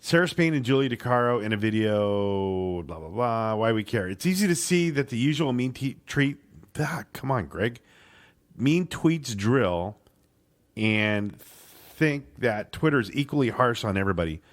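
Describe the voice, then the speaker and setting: This man co-hosts a laid-back sports podcast, cursing freely and tripping over words while reading an article aloud. His medium-pitched voice is animated and a little slow.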